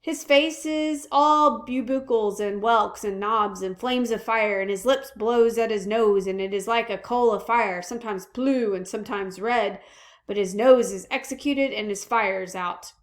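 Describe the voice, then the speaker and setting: A woman's voice: fairly high pitch, a little slow, natural voice. A woman reading aloud, voicing a fussy army captain in an emphatic, earnest way. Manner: earnest, emphatic, self-admittedly weak accent attempt. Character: fussy Welsh army captain, stickler for discipline.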